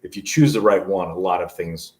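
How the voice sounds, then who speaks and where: A man's voice: low voice, fairly quick, a little mellow. A man in his forties from New Jersey, a guest telling stories in a rambling, earnest way during a casual interview. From New Jersey, USA. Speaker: guest, motivational speaker. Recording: voice distant from the mic.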